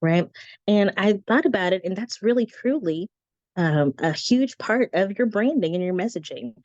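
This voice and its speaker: A woman with a squeaky voice, teaching branding in a casual, chatty way with breezy asides, heard over a video call. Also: animated, moderate pace, darkish tone, dry recording. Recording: dry, dull lo-fi call audio.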